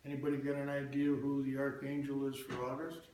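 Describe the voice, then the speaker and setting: A man's voice: medium pitch, completely flat delivery, a little fast, dark tone, a little hiss or hum. An older man telling a personal story to a church congregation in a folksy, plain-spoken way, with asides to the audience. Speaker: church speaker. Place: church hall. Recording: very echoey church hall, faint ambience.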